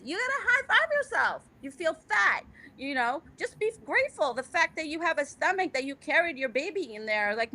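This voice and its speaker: A middle-aged woman from Afghanistan speaks as an interview guest, with a bright, forceful tone. Her voice sits high, and she talks with motivational passion, stacking up repeated phrases for emphasis. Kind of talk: candid conversational interview.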